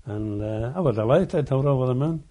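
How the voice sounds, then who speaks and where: A man's voice: medium pitch, dark tone. Old retired miner guy telling stories, keeps repeating himself, ordinary mid voice. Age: older. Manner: halting, repeats words, chatty storyteller. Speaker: former coal miner. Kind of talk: oral history reminiscing.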